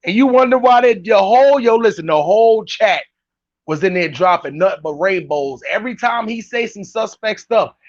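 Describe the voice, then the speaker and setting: A high-pitched man hosts a podcast, mocking and incredulous as he reacts to clips in slangy street talk, laughing often. His voice is dry and close, with a dull, lo-fi sound. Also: lively intonation, normal speed, no room sound. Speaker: podcast host. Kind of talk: reaction commentary on live-stream clips.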